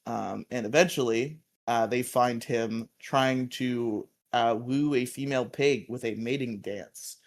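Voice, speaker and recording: In a casual podcast recap, a male co-host with an ordinary mid-pitched voice tells the story loosely and unhurriedly, with hardly any pauses. He chuckles often and quotes characters in put-on voices.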